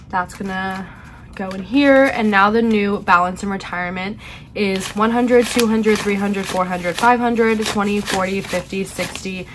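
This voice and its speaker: A woman's voice: medium pitch, a bit bright, a little hiss or hum. A young woman hosting a budgeting vlog, congested from pollen, chatting casually and counting cash aloud with frequent fillers. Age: young adult. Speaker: budgeting channel host.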